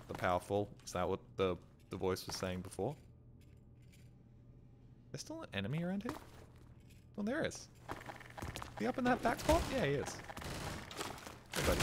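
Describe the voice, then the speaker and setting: A man streaming a video game live, talking through his play with jokes, curses and startled yelps. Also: on the low side. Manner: jokey, swears often, yelps when startled. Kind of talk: live gameplay commentary. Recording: game gunfire noise under voice. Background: video game gunfire and clicks.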